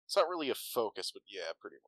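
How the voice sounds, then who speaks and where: A man's voice: lowish voice, big pitch swings, fast talker, fairly bright tone, no room sound. A man playing a tabletop game, talking casually and laid-back, often trailing off. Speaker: player.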